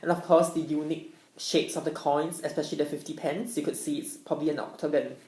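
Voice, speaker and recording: A woman's voice: low-pitched, fairly even intonation, fast, darkish tone, a little hiss or hum. A young woman, an international student, giving an upbeat explanatory presentation. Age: young adult. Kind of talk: presentation talk. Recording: echoey room.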